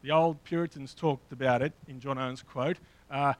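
A man's voice: mid-range voice, steady tone, moderate pace, dry recording, rough recording. A man preaching a sermon in a conversational way, with frequent fillers and asides. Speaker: pastor. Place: church hall with a slideshow.

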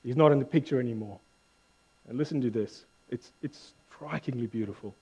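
Male pastor preaching, mellow lo-fi sound. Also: medium pitch, fairly quick, slightly rough. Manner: conversational preaching with sudden swings between hushed and loud; stumbles and repeats words when correcting himself. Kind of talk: sermon.

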